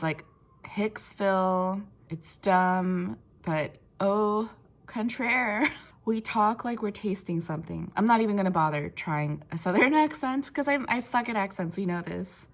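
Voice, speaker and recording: A woman book vlogger in casual chat to camera, talking in a chatty way with many fillers and laughs between thoughts. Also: mid-range voice.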